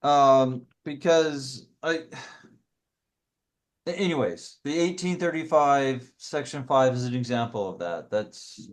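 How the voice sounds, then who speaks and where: A man leading a casual scripture study discussion, explaining in a halting, self-correcting way. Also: mid-range voice, expressive.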